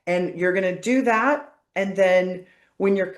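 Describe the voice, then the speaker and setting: A woman facilitating a guided body-work session, coaching calmly and often checking in with "okay?". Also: lowish voice, moderate pace, echoey room.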